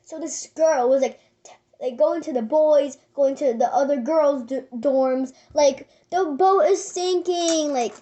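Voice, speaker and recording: A woman with a very high, light voice tells a story to camera in loose, casual chat. She rambles with many fillers and restarts and sometimes drops to a near whisper. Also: steady tone, a little slow, mellow. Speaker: vlogger.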